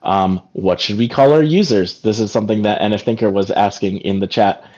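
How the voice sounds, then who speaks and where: A man's voice: lowish voice, brisk, warm tone. A man hosting a casual work meeting on a video call, talking in a rambling way full of fillers like "like". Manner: rambling, filler-heavy, frequent "like". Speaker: team meeting host. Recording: dull lo-fi call audio.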